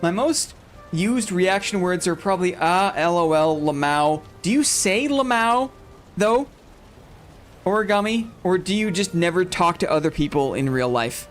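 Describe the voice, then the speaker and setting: A man's voice: sits high, animated, moderate pace, soft background music. A man hosting a gaming livestream, chatting casually with his viewers and rambling with frequent restarts and laughs. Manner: rambling, self-interrupting, laughs often. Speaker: streamer host. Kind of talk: casual chat while gaming, reading chat.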